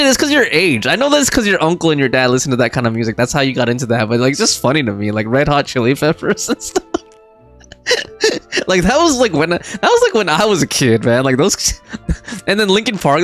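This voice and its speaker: Bantering game streamer, a man in his 30s, lively and fairly high, faint music underneath. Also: a little fast. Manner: reads viewer chat aloud, bantering and laughing. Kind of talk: casual live stream chat.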